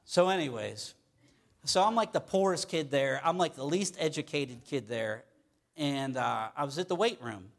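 A man's voice: a little high, animated, moderate pace, creaky. A middle-aged man from Pittsburgh with a Pittsburgh accent, preaching a sermon in a conversational way and often checking in with "okay?". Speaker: pastor.

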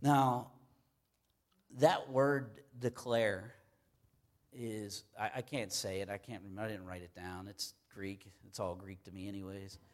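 A man's voice: low-pitched, steady tone, moderate pace, hardly any pauses. A man preaching a sermon in an earnest, emphatic manner, repeating key phrases to drive them home.

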